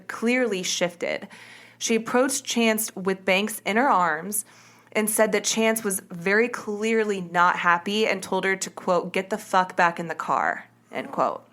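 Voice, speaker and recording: A woman in the middle of her range tells a true crime case like she is talking with a friend. She is relaxed and chatty, with plenty of "like" and "kinda", and she stops to fix her own words. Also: medium pitch, measured pace. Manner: chatty, self-correcting, uses "like" and "kinda". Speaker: podcast host. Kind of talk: casual true crime storytelling.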